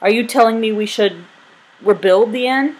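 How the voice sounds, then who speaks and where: Wailing male innkeeper, fussy, fearful, high-pitched, husky, woman reader. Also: normal speed, a little mellow, low-quality recording.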